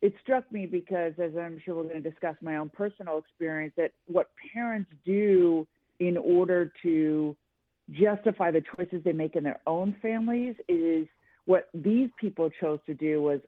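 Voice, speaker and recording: A woman's voice: lowish voice, normal speed, no room sound. A middle-aged woman, a guest columnist, telling her story earnestly and emphatically in a radio interview. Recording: tinny dry phone line.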